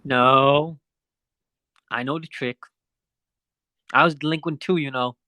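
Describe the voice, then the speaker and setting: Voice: medium pitch, fairly even intonation, takes it slowly, bright, forceful tone, no room sound. A game master voicing a touchy, proud male security guard who is defensive and indignant. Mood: stubborn.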